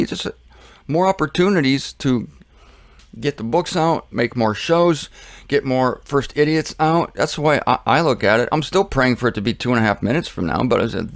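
A man talks through scripture in a loose, joking way. He wanders off track and restarts his sentences. His voice is gravelly at mid pitch, and the sound is dry and close with no room echo. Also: animated, moderate pace. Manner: rambling and joking, often trailing off and restarting. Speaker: Bible teacher and show host. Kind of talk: casual Bible teaching monologue.

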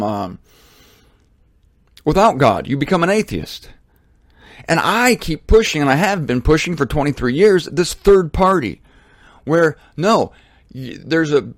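A man's voice: fairly high pitch, dry recording, clean studio sound. A middle-aged American man from Ohio delivering a blunt, fervent monologue about faith as a Christian teacher, climbing to emphatic peaks. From Ohio, United States.

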